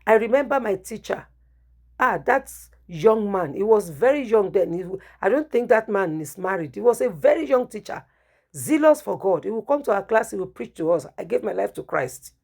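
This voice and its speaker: A woman's voice: medium pitch, expressive, moderate pace, vocal fry, darkish tone. A middle-aged woman giving a testimony sermon, telling her story and acting out the dialogue with strong emotion. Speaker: preacher.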